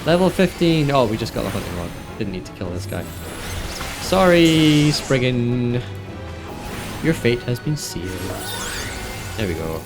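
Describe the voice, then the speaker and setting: An upbeat man chats casually while playing a video game on stream, often laughing and poking fun at himself. His voice sits at a middle pitch and comes through a desk microphone. Game music plays clearly behind him. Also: big pitch swings, a little slow, long pauses. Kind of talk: casual gameplay commentary.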